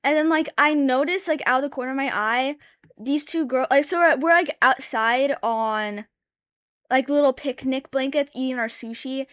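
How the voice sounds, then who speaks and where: This high-pitched young streamer, drawing live, keeps up casual chatter at a moderate pace, cursing often, rambling through stories with lots of fillers and laughing between sentences. Her tone is fairly bright and clean, with no room sound and clean studio audio.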